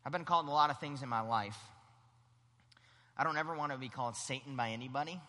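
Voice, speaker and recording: A man preaching a sermon, animated and acting out the voices in the story. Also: mid-range voice, fast, big-room sound. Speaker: pastor.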